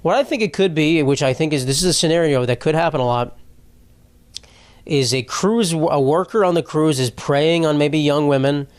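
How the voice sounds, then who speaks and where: A man hosting a comedy podcast, talking on his own in a loose, rambling way. His voice sits a little high for a man, and he breaks into laughs as he talks through grim stories. The sound is dry and close, with no room echo. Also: moderate pace, clean tone. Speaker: podcast host. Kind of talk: casual comedic monologue.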